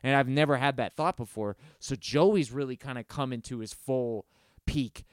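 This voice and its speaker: Smooth-voiced man ranting casually, cursing freely. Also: mid-range voice, normal speed, no echo, clean studio sound. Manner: animated, profane, rambling with restarts. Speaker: podcast co-host. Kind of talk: casual music review chat.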